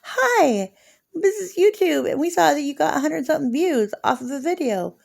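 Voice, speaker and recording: A woman's voice: high voice, animated, moderate pace, vocal fry, darkish tone, voice pushed up. Woman putting on a chirpy corporate announcer. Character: perky corporate video-site representative, adult.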